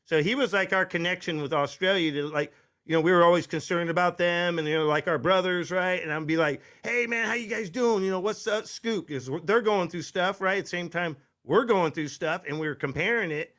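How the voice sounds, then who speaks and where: A middle-aged man hosts a live internet show as casual chat, rambling loosely, restarting sentences and ending lines with "right?". His fairly quick, slightly bright voice sits a little high for a man and is picked up by a desk mic.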